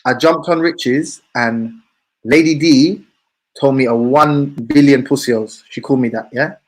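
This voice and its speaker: A man's voice: medium pitch, measured pace. A man in heated casual banter, protesting and repeating himself.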